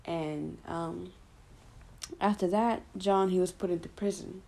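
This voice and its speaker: Mellow, low-voiced woman retelling scripture. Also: steady tone, slow, gravelly. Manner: loose and conversational, with fillers and self-corrections. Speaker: Bible study presenter.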